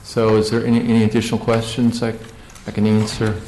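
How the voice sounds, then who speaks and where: A man with a fairly low voice, speaking in a county meeting room with a roomy echo. He answers questions haltingly and often restarts his words. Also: completely flat delivery, warm tone, slight background noise. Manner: hesitant, repeats words. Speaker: county staff member presenting. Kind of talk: meeting discussion.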